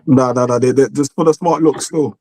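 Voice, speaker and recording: A man's voice: mid-range voice, fairly even intonation, a little fast, dark tone, no echo. A man joining a live fan stream as guest, easygoing but hesitant and stammering. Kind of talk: casual livestream chat.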